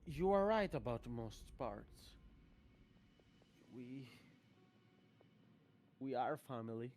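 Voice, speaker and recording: Game master playing proud male kinsman, stern, measured, mid voice. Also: mid-range voice, lively intonation, a little mellow, slight background noise. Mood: stern lecturing. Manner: measured, lecturing. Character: proud male blood relative, stern and skeptical.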